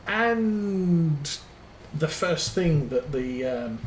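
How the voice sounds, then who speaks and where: A man chats slowly and unhurriedly while streaming a farming game, drifting from one anecdote to the next with plenty of ums. His voice sits at an ordinary pitch, and the room around him is roomy and echoey with a faint hiss underneath. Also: animated. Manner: rambling anecdotes with many ums. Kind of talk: casual chat while playing a farming game. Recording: roomy echo.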